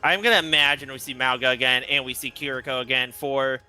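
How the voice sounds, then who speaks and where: A man casting a live esports match, breaking down picks and bans, with lots of fillers and quick bursts of talk. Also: mid-range voice, steady tone, bright, forceful tone, clear, resonant tone, faint music behind. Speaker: esports caster.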